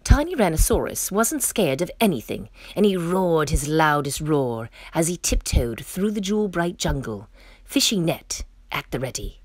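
Woman reading a kids' story aloud, playful, lively pitch, lowish voice. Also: normal speed, no echo. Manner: expressive, playful. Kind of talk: children's story read-aloud.

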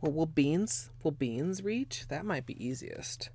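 A woman's voice: sits low, animated, slow pace, dark tone, slight background noise. A woman hosting a casual nail polish livestream from her bedroom, rambling chattily with lots of fillers as she answers viewers' chat. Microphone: desk mic, moves away from it at times.

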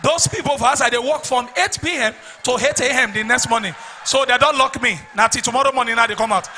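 A comedian plays a male guard with a Nigerian accent, locked in and unbothered. He answers flatly and plainly in a high, bright voice. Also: quick pace, slight background noise, heavily acted. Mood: explaining. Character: male security guard locked inside, matter-of-fact.

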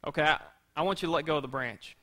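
A calm, patient God speaks from above in plain, instructing tones, as a preacher puts him on. The voice stays bright and steady and quite matter-of-fact. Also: male voice, a little high, rapid-fire. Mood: calmly instructing.

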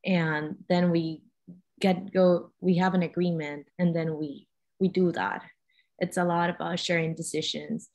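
A woman with a Spanish accent speaks as a physician guest on a panel, choosing her words carefully between ums. Her voice sits low with a gravelly edge. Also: level tone, a little slow, a little mellow. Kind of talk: panel discussion answer.

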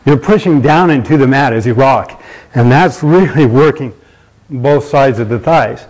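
A man's voice: medium pitch, measured pace, a little mellow, rough recording. A man in his sixties hosting a live fitness show, explaining exercises while demonstrating them and answering viewer questions. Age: 60s.

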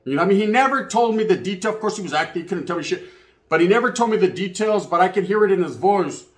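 A man's voice: sits high, animated, fast talker. A man telling stories in a casual monologue, heavy on street slang and swearing, acting out the voices of other people. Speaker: channel host. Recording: echoey room.

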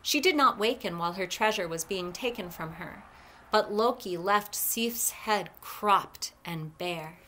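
Brief: library storyteller, woman, measured expressive read-aloud. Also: medium pitch, slight background noise.

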